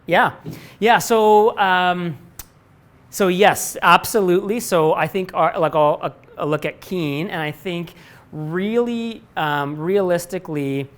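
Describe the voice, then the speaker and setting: This middle-aged company head speaks slowly in a high voice while taking student questions at a live lecture-room talk. He's candid and tends to ramble, often restarting his thoughts and swearing in a casual way.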